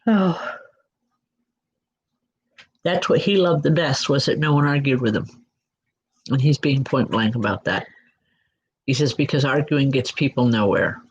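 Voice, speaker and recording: Gentle reassuring woman medium, lo-fi. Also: low voice, measured pace, long pauses, breathy edge. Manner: gentle, reassuring, speaks straight to listeners by name. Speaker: psychic medium. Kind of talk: live spirit readings and announcements. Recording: dull lo-fi recording.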